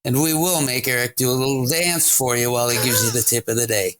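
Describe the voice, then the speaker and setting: A man's voice: medium pitch, fairly even intonation, quick pace, a bit bright. A man co-hosting a home improvement talk show, casual and jokey, teasing his partner. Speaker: co-host. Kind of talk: casual chat.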